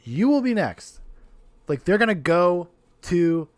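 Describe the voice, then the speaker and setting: A man hosting a podcast, casually reacting with animated, profane, rambling commentary. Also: high voice, slow, dry recording. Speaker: podcast host.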